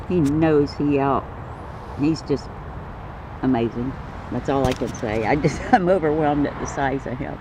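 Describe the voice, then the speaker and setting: A man's voice: moderate pace, a little mellow. A man talking casually on his vlog outdoors, chatting fondly about and to his pet snake. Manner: fond, chatty, coos at his snake in a higher voice. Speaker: snake keeper filming his pets. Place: outdoors in a yard. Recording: slightly dull lo-fi camera audio with faint outdoor noise.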